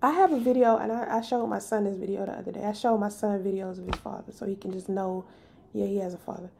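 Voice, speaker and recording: A woman, hosting a podcast and telling a personal story in an animated, emphatic way. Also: medium pitch, fast, vocal fry, slight background noise. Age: 30s. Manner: animated, emphatic, slips into voicing others. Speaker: podcast host.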